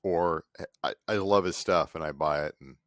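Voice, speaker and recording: A man's voice: deep voice, normal speed, fairly bright tone, dry recording, studio quality. A man in his fifties, an artist vlogger, talking in a cranky, sarcastic, rambling way and mocking other people. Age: 50s. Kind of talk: casual rambling monologue. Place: home studio.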